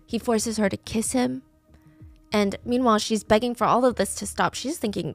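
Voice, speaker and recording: Woman storyteller with a fairly high voice; dry, close sound; chatty true crime narration. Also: normal speed, creaky, no echo, soft background music. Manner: conversational, with fillers like "like" and "I mean".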